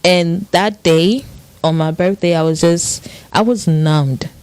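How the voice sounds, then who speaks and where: A woman's voice: lowish voice, slow pace, a little mellow, clean tone, dry recording. A woman in her thirties in casual podcast chat, telling an emotional story with lots of quoted voices. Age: 30s.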